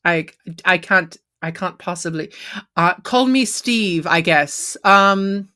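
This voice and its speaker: A woman's voice: lowish voice, slow pace, sharp tone. A woman playing a flustered camp satyr. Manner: flustered, scattered, theatrical. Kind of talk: tabletop role-play.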